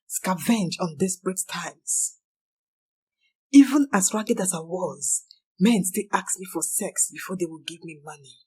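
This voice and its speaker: A young woman narrating her own story in the first person, slow, somber and confessional. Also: lowish voice, husky, rough recording.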